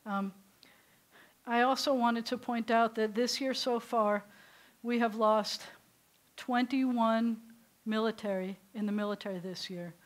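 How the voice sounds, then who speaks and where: A woman with a Southern American accent leading a congregation through a service, giving gentle instructions. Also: fairly high pitch, steady tone, measured pace. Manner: warm instructive directions to a congregation. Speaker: service leader.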